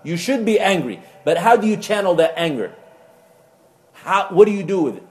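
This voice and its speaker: A man preaching a sermon to a live audience, telling stories with acted-out voices and reciting Quranic Arabic rapidly. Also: high voice. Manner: animated storytelling with acted-out voices. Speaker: imam.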